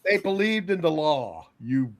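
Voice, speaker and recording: A man's voice: a little high, big pitch swings, unhurried. An older man and podcast regular, telling rambling stories in casual chat and stumbling over words.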